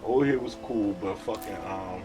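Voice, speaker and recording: A man's voice: on the low side, normal speed. A young adult man streaming a game, telling a rambling, profane personal story in a casual chat. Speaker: gaming streamer. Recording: distant mic with loud game music.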